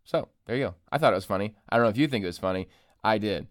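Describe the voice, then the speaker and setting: Racing along, animated and on the low side, a man hosts a solo podcast from an empty room. The host and author keeps up casual, self-deprecating jokes, and his studio microphone gives clean studio sound with no room sound.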